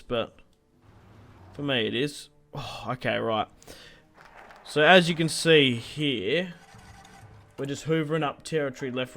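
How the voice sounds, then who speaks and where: A man's voice: medium pitch, bright, forceful tone, clear, resonant tone. A young adult man giving casual, joking gameplay commentary, rambling and swearing as he plays. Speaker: gaming video host.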